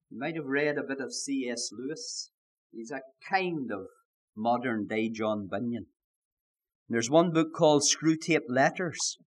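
A man preaching a sermon at a church service, fervent, stretching out words for emphasis and rising to loud shouts, with strings of rhetorical questions. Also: on the high side.

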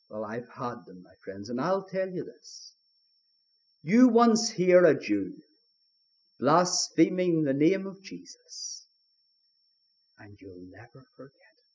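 A man's voice: medium pitch, darkish tone, highs cut off. A man preaching a sermon in a fervent old-style manner, appealing again and again to his listeners with rhetorical questions.

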